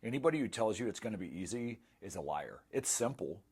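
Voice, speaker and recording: A former client in his thirties gives a candid, self-mocking testimonial, telling it like a casual story and acting out quoted dialogue. His lowish voice is sing-song, fast, a little mellow and slightly rough.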